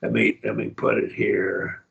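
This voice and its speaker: A man's voice: low-pitched, big pitch swings, measured pace, creaky, narrow, tinny audio. A man teaching a Greek grammar class, explaining patiently and often checking that students follow.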